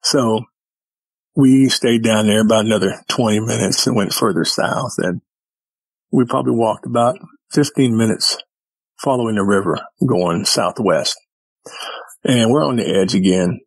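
A man's voice: fairly low pitch, measured pace, long pauses, slightly rough, no echo. A man guest telling his own encounter stories in a folksy, rambling way, acting out the voices of people he quotes. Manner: animated storyteller who acts out quoted dialogue. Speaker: podcast guest.

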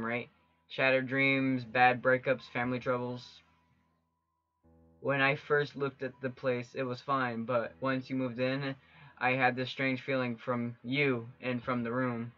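A man's voice: medium pitch, a bit bright, natural voice. A man reading a stern young man who lectures his friend in a game. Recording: dull lo-fi with faint game music.

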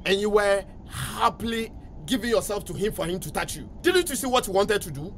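Jealous ghanaian husband nagging his wife, high voice, a bit of street noise. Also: animated, a little fast, a bit bright. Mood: accusing. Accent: Ghanaian English. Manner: accusing, indignant.

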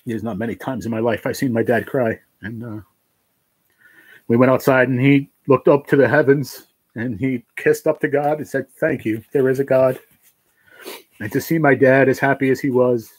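A man crying through his words as he talks to his stream, with an average pitch and a heartfelt, halting manner. His voice sits close to the mic in a dry, dead-sounding space. He restarts and stumbles as emotion catches him. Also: breathy edge, dry recording. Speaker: livestream host reading chat. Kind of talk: emotional livestream chat.

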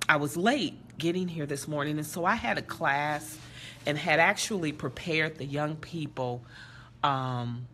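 A woman's voice: low voice, bright, forceful tone, slight background noise. Earnest woman telling a story live. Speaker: character development teacher and speaker. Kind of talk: live social media talk.

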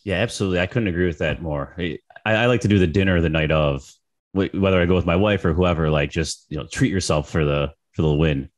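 A man in his thirties co-hosting a podcast, slightly hoarse, chatting in a relaxed way and often repeating words. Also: low-pitched, quick pace. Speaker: podcast co-host. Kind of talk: casual podcast chat.

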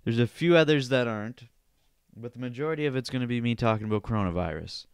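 A man's voice: mid-range voice, quick pace, smooth, no echo, clean studio sound. A young man hosting a solo podcast, ranting casually with plenty of swearing and sarcasm. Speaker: podcast host.

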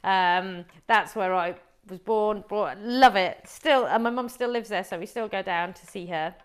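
A woman's voice: mid-range voice, unhurried, clean tone. Middle-aged woman host, cooking live on camera, friendly running explanation of each step. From Wolverhampton, England.

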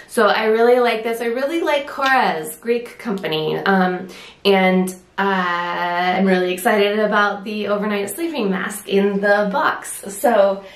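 Slow-talking winded woman reviewing beauty products. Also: medium pitch, roomy sound. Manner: chatty, lots of fillers and restarts. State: a little winded. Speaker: beauty vlogger.

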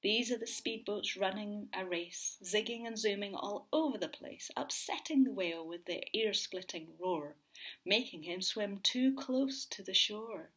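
Gentle teacher reading aloud, whispering. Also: female voice, medium pitch, breathy edge. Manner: slow, gentle, often dropping to a whisper. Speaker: teacher reading a picture book. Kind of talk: read-aloud storytelling for children.

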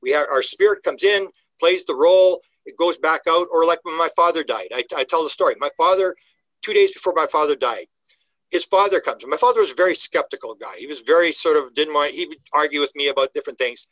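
Older male interview guest: bright, forceful delivery, animated storytelling. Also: a little high, quick pace, dry recording, low-quality recording. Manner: animated storyteller, acts out quoted dialogue, frequent restarts. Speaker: guest UFO researcher. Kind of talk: conversational podcast interview.

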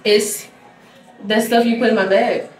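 A woman's voice: fairly high pitch, steady tone, unhurried, echoey room, far from the mic, poor audio. A woman in her twenties chatting casually for her vlog, laughing and teasing as she goes. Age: 20s. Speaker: vlogger.

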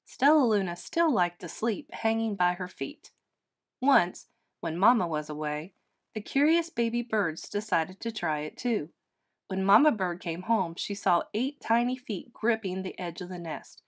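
A woman teacher reading a children's picture book aloud in a gentle, expressive storytelling manner. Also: medium pitch, unhurried.

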